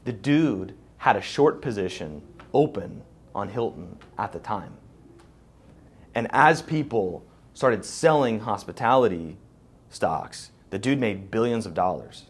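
Man, podcast host, live Q&A, emphatic, repetitive, preacher-like, fairly low voice. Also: animated, measured pace, slightly rough. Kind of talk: live Q&A talk. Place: live event in front of an audience.

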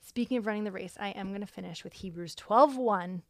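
A woman's voice: medium pitch, a little fast, dry recording, studio quality. A woman hosting a faith-based devotional podcast, talking in an earnest, conversational way with frequent ums. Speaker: podcast host.

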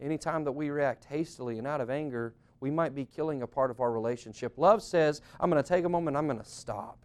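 A man's voice: medium pitch, fast talker. A middle-aged man preaching a conversational sermon on marriage, earnest and plain-spoken, often acting out what spouses say. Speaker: pastor.

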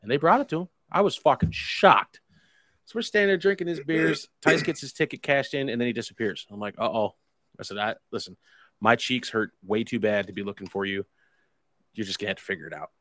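A man's voice: mid-range voice, fairly quick, a bit bright, no echo, studio quality. A man casually telling a long, rambling anecdote, swearing freely and wry about it. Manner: profane, rambling, wry storytelling with quoted dialogue.

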